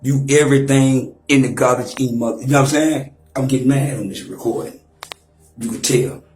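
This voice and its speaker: A man's voice: medium pitch, steady tone, a little fast, faint music behind. Man in his forties, taunting livestream rant, trash-talking, roomy echoey audio. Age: 40s. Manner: loud, taunting, trash-talking, mock-rapping. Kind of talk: profane roasting rant on a livestream.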